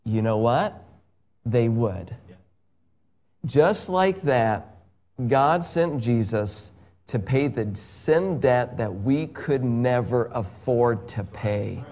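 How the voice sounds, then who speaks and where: A man sharing the gospel one-on-one. He speaks slowly and with emphasis, chuckling often as he explains with everyday examples. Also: medium pitch, animated, darkish tone.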